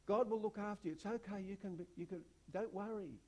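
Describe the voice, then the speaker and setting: A gentle father soothes his scared son at night, voiced by a high-voiced preacher. The lines are calm and reassuring, close to the speaker's own voice. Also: a little fast. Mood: soothing.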